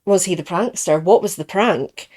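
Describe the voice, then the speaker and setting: A woman's voice: on the low side, moderate pace, a little mellow. A woman hosting a true crime podcast, telling the case in a chatty, opinionated way and often correcting herself.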